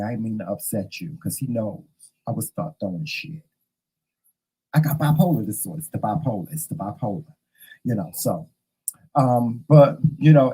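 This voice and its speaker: A man chats to camera in a lively, sassy storytelling manner, talking straight to his viewers. His voice is mellow and warm, with a husky, slightly rough edge, at a middling pitch. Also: low-quality recording. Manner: animated, sassy storytelling, addressing viewers directly. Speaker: vlog host. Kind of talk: casual chat to camera. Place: upstairs room at home.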